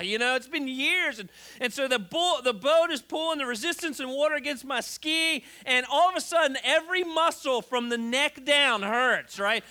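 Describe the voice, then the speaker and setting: A man preaches to his church in a loose, conversational way, full of "uh"s and restarts. His voice sits very high for a man. It has a forceful, bright edge. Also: brisk, hardly any pauses. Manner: conversational, storytelling with many fillers and restarts. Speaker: pastor. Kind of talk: sermon.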